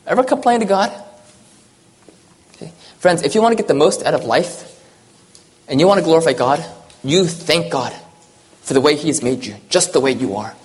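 An earnest preacher giving a personal sermon, moving between urgent, rising lines and hushed, quiet ones. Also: mid-range voice, expressive, moderate pace, long pauses.

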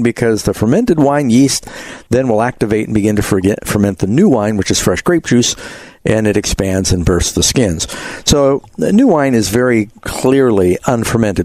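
A male radio pastor fielding call-in questions, reading Bible passages and explaining them at length. His voice is mellow and dark, recorded dry and close with no room sound. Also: lowish voice, no room sound. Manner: explanatory, reads scripture aloud.

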